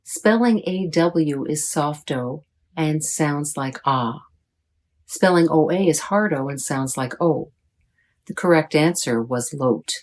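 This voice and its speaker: Slow, low-voiced woman teaching pronunciation. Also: lively intonation, a little mellow. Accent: American. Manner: deliberate, modeling sounds for learners. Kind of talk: slow, careful pronunciation lesson.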